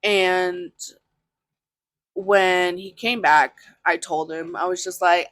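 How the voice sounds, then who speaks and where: A woman's voice: lowish voice, steady tone, slow, fairly bright tone, no echo. A woman podcast host telling a personal story in a candid, casual way, full of fillers and the odd swear word.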